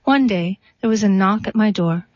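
A woman reading a short story and then a poem aloud, steady and unhurried. The recording is dry and a little dull, as if made close up on a modest microphone. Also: medium pitch, dry recording. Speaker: reader.

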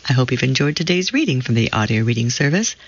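A woman reading a personal story aloud for an audio reading service, expressive and slowing down over descriptive lists. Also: rumbling low. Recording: slightly muffled lo-fi audio.

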